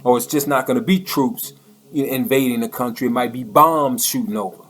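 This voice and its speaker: A man's voice: medium pitch, fairly quick, a bit bright. A man giving a heated, preachy political monologue in a colloquial way, often repeating words as he pushes his point. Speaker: political commentator. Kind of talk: impassioned monologue.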